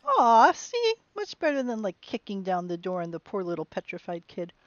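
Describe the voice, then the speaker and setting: A woman giving chatty, musing let's play commentary on a game, with bursts of excitement. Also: medium pitch, moderate pace, no echo, muffled recording. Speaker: game streamer.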